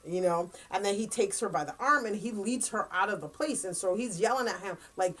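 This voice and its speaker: A woman chatting casually as a book reviewer, retelling a plot in a rambling way with lots of fillers and quick quoted lines. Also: medium pitch, soft background music.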